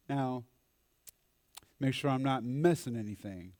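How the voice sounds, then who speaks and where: A man giving a storytelling talk at a church mental health forum, animated and acting out the voices of people he quotes. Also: fairly high pitch, measured pace, no echo, clean studio sound.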